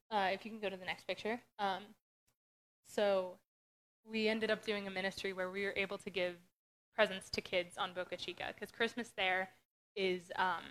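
A woman's voice: medium pitch, a bit bright. A young woman from Western Pennsylvania sharing her testimony in an earnest, conversational way with many fillers. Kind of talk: casual testimony talk.

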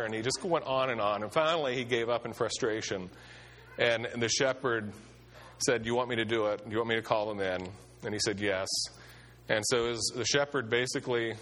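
A man's voice: medium pitch, a bit bright. Conversational male pastor preaching. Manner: conversational storytelling with fillers. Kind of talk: sermon.

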